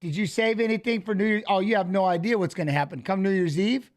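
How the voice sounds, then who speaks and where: A middle-aged man with a fairly high voice, talking in a loose, animated way. He tells a story in casual chat, swears freely and keeps restarting his sentences. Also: quick pace. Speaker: co-host of a fight preview show.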